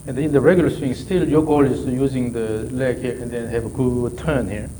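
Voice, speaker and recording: A man's voice: mid-range voice, steady tone, moderate pace, mellow, a little hiss or hum, rough recording. A man working as a golf coach in a live session, calling out short repeated drill cues and then explaining the movement.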